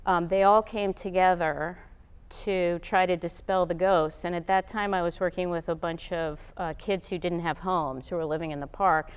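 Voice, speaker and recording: Smooth-voiced lively woman telling a story. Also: lowish voice, moderate pace, big-room sound. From United States. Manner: lively, animated storyteller who acts out quotes. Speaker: guest. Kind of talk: casual storytelling interview.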